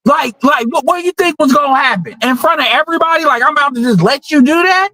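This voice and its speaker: A man's voice: very high voice, fast, pushed and bright, poor audio. A man hosting a casual chat, laying out his opinions in a blunt, profane way. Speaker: host.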